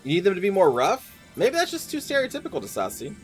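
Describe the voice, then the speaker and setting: Brief: young male streamer, jokey commentary, very lively pitch. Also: fast talker, faint music behind. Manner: playful, jokey asides. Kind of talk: casual gaming commentary.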